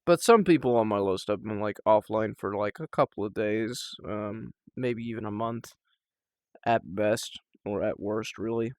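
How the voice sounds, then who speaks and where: A young man talking casually and personally to the camera at home, halting and emotional, with sighs and restarts. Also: fairly low pitch, no echo, studio quality. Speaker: vlogger.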